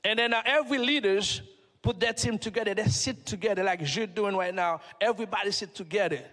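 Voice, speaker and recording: A middle-aged man with a Haitian accent speaks from the stage in a very high voice, hammering the audience with question after question. His voice rings out through a large hall with a long, trailing reverb. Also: brisk, pushed and bright. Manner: preachy, fires rhetorical questions at the audience. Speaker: motivational speaker. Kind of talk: stage motivational speech.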